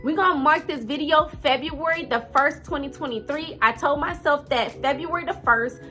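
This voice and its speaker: Bright, high-voiced woman in her thirties. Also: normal speed, soft background music. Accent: twang. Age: 30s. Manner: earnest, direct, conversational with fillers. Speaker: vlogger. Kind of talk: motivational talk to camera.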